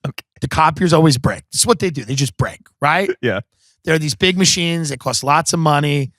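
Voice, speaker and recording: A man with a fairly high voice tells a comedic story on his podcast, animated and profane. He jumps in and out of impressions, recorded close on a dry studio mic. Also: a little fast, no room sound. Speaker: podcast host.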